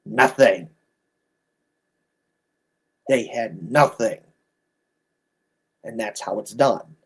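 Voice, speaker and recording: Slow, blunt ranting man in his thirties. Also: medium pitch, sing-song, vocal fry, slightly rough. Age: 30s. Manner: blunt, exasperated, repetitive scolding. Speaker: sports commentator. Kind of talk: ranting commentary.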